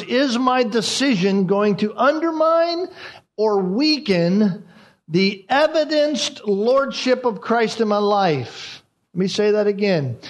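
A high-pitched man preaches a sermon at an unhurried, measured pace. He is deliberate and says his key phrases twice so they sink in. It sounds like a pastor teaching a congregation. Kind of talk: expository sermon.

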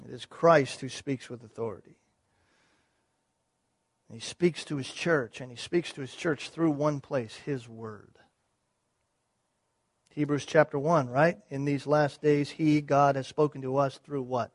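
A man preaching a sermon, moving from quiet, measured teaching to loud, rising passages, with repeated phrases and rhetorical questions. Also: mid-range voice, steady tone, no room sound. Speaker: pastor.

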